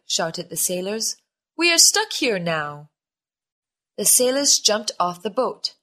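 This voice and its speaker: A woman reading a children's storybook aloud, clearly and with a lively, expressive delivery. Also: medium pitch. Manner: lively, slow, clear reading with voiced shouts for characters. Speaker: storybook reader.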